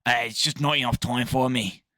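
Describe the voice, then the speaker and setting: A man's voice: mid-range voice, fairly even intonation, brisk, pushed and bright, no room sound, clean studio sound, close to an everyday voice. A man putting on a mock to play a whiny male fighter making excuses.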